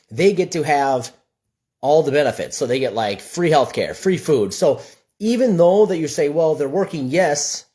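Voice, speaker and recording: A man from Minnesota who runs a gutter business, talking bluntly to camera in a casual, animated rant. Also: mid-range voice.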